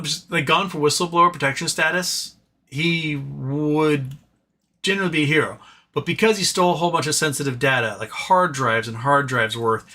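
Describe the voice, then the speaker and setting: A man's voice: mid-range voice, bright, forceful tone. A man hosting a livestream, ranting casually about politics, reading viewer chat aloud and talking to his pet between comments. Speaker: livestream host.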